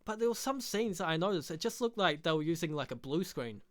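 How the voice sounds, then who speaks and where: A man's voice: a little high, expressive, quick pace. Crude, foul-mouthed young-sounding guy. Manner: crude, profane and mocking. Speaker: show reviewer. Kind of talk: casual vlog review.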